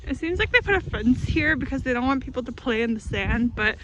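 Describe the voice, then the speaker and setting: A woman's voice: high voice, lively intonation, a little fast, background noise. A young woman, a doctoral student, chatting upbeat to her viewers in a casual vlog. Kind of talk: casual vlog narration to camera.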